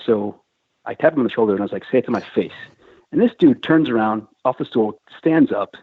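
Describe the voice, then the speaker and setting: A man's voice: medium pitch, brisk, slightly rough, no echo. Profane storytelling man on a tinny line. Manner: crude, profane, animated anecdote with quoted voices. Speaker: podcast host telling a war story. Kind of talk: casual storytelling. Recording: phone-like, narrow band, dry.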